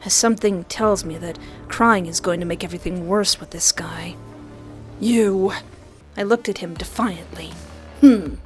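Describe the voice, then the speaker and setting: A woman playing a horror visual novel, reading the text aloud and reacting in a jokey, dramatic way. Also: on the low side. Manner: animated, jokey, dramatic outbursts.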